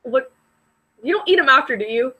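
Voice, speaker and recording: A woman's voice: sits high, expressive, moderate pace, bright, forceful tone, low-quality recording. A young woman co-hosting a podcast, rambling in casual chat with many fillers. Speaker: podcast co-host.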